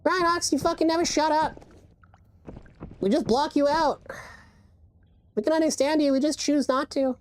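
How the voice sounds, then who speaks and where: A woman's voice: sits high, moderate pace, long pauses, voice pushed up, lightly acted. A woman streamer voicing a dismissive, sneering teammate in a teasing mock voice.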